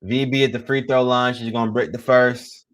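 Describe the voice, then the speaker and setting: Young man, casual live play-by-play, excitable, teasing, slangy, middle pitch. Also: moderate pace. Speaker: live sports commentator.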